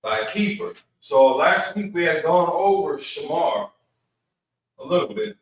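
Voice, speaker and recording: A high-pitched man from Milwaukee, Wisconsin, teaches an online Bible class at a slightly slow pace, casually using slang while guiding learners through Hebrew words. He is recorded far from the mic in an echoey room.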